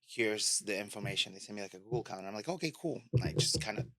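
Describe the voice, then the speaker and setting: Guest on a podcast: a man with a low, bright voice who tells stories and mimics the people in them; dry sound. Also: level tone, very fast, no echo. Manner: storytelling, acts out quoted dialogue. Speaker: podcast guest and media host. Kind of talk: casual interview conversation.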